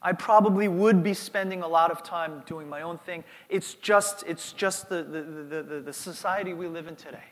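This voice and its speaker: High-voiced middle-aged man preaching in a hall. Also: moderate pace, hardly any pauses. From New York, United States. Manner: earnest, repeats words while building up. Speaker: pastor. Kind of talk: sermon.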